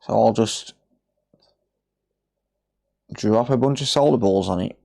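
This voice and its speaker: A man's voice: lowish voice, slow pace, gravelly, darkish tone. An English man, an electronics repair technician, chatting casually to viewers while working on a livestream, rambling and answering them by name.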